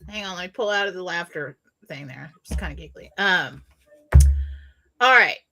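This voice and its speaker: Bright-voiced laughing woman storyteller. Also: fairly low pitch, a little fast, faint music behind. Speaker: co-host. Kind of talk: casual chat, storytelling.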